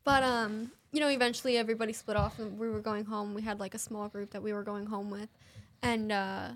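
A woman co-hosting a podcast, chatting casually and relaxed, with pauses and fillers. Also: medium pitch. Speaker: podcast co-host. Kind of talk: casual chat.

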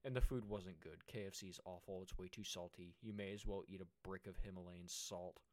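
A young man co-hosting a casual chat, telling a long story with many restarts and getting animated when excited. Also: sits low, a little fast, no room sound, studio quality. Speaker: co-host.

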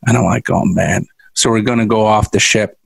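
A man's voice: on the low side, fairly even intonation, moderate pace, creaky, slightly rough, no room sound. A middle-aged man co-hosting a podcast, telling a story casually and laughing often. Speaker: podcast co-host. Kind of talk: casual chat.

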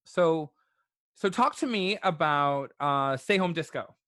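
Man, podcast host, chatty, stammering restarts, bright tone, dry sound. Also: a little high, animated, slow, no room sound. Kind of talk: casual interview chat.

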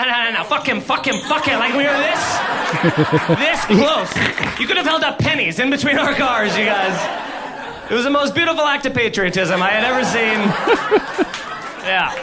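A man with a very high voice performs a stand-up story. His pitch swings all over and he laughs through his lines. There is clear noise under the recording. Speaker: stand-up comedian. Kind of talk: stand-up comedy bit.

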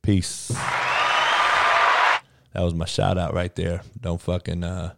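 A man's voice: low-pitched, monotone, takes it slowly, creaky, heavy background noise. A middle-aged man hosting his own podcast, talking in a brash, profane, rambling way and tacking "man" onto his sentences. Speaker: podcast host. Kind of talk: casual solo podcast rant.

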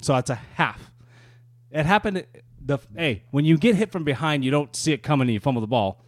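A man co-hosting a casual sports podcast, joking and talking trash in quick banter. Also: on the high side, no room sound, studio quality. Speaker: podcast co-host. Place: studio room.

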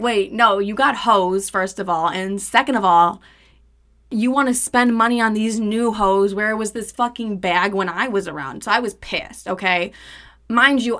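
Animated young woman telling a story. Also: medium pitch. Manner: animated, profane, rising to indignant outbursts. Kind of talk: casual storytime monologue.

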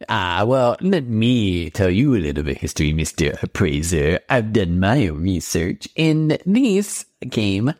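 A man improvising a comedy scene as a pompous, theatrical seller. His pitch swings widely as he talks. The recording is close and dry. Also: very animated, unhurried, hardly any pauses, darkish tone, dry recording.

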